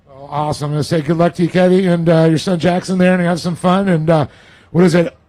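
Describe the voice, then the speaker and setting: A man hosting a live outdoor race event, interviewing drivers in an energetic, hyped manner and cheering them on. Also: on the high side, fast talker, low-quality recording.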